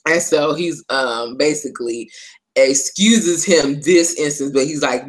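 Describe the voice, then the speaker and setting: A woman's voice: deep voice, measured pace, low-quality recording. Chatty woman recapping a TV episode. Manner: animated storytelling, acts out characters' lines, many fillers. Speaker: podcast co-host.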